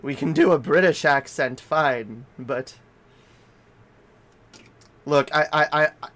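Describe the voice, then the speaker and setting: A man's voice: mid-range voice, pushed and bright, clear, resonant tone. A man from Canada ranting casually on a livestream, profane and rambling. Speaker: streamer.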